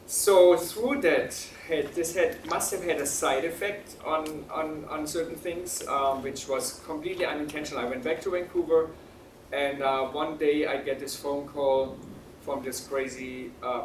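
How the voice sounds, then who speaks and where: A man telling a personal story to an audience, halting and full of fillers, laughing often. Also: on the high side, steady tone, a little hiss or hum. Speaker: speaker at a talk. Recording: roomy sound from a distant mic.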